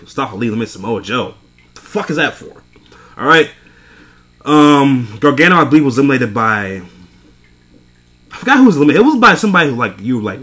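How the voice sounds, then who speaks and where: Young man, casual wrestling recap rant, lively pitch, bright voice, swears a lot, exasperated. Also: fast talker. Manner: animated, exasperated, swears often, laughs between points. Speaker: wrestling show reviewer.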